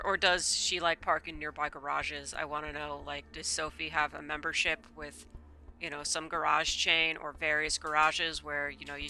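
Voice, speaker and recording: Bright-voiced woman streamer rambling. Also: low voice. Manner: rambling asides with stammered repeats. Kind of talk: reading a visual novel aloud with commentary.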